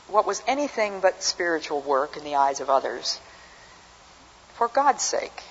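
A woman's voice: low voice, fairly bright tone, slight background noise. An older woman giving an earnest, reflective personal testimony as a speaker. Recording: dull recording with long hall reverb.

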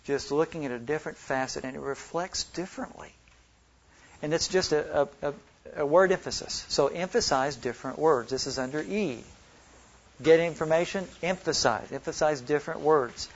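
On a muffled recording, this Bible study workshop teacher from Oklahoma and Texas speaks a little high. When reading scripture, he slows to put weight on individual words.

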